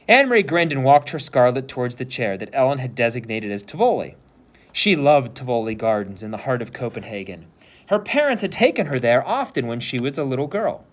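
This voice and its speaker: Man reading a novel aloud, expressive. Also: medium pitch, brisk. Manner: expressive, animated storytelling. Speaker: teacher.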